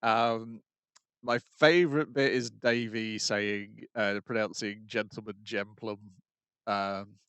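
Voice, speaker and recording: Low-voiced man recapping, hesitant. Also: steady tone, slow pace, fairly bright tone, clear, resonant tone, dry recording. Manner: hesitant, full of ums, dry recap. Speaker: podcast co-host. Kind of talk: casual chat recapping anime.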